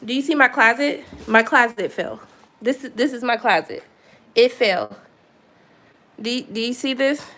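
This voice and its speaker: Woman, higher pitch, casual live-stream vlogger at home, exasperated venting. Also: measured pace, long pauses, fairly bright tone. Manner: venting, exasperated, chatty with asides. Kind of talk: casual chat to viewers. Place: her apartment at home.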